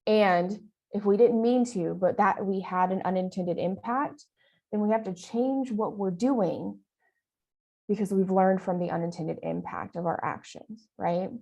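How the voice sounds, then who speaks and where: A woman's voice: mid-range voice, a little slow, creaky, darkish tone, rough recording. A woman leading a training session, talking in a conversational way and often checking in with "right?". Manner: talks with her arms. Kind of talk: training presentation.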